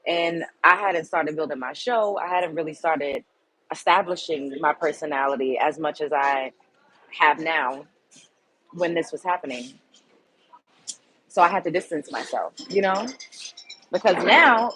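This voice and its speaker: A woman's voice: sits low, a bit bright, slightly rough, rough recording. A woman hosting her own show, telling a personal story in a candid, emphatic and blunt way. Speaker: show host. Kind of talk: casual storytelling monologue.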